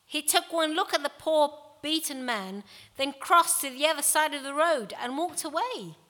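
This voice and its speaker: Woman reading as a gentle male teacher. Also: high-pitched, moderate pace, in a large hall, voice pushed up. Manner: gentle, expressive storytelling. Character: kindly male teacher telling a parable. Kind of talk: reading a Bible story aloud.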